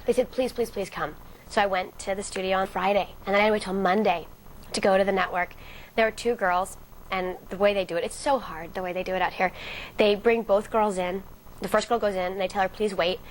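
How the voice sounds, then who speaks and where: An actress being interviewed, telling a story and acting out the lines of the people in it. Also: female voice, mid-range voice, fairly even intonation, fairly quick, slight background noise, low-quality recording. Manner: acts out quoted dialogue vividly.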